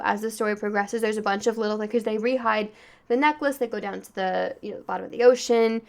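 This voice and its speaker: A woman's voice: medium pitch, clean tone. A woman talks through a novel she has just finished, in the loose, chatty way of a casual book podcast. She gushes, circles back and restarts her sentences, and leans on filler words throughout. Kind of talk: casual book review monologue.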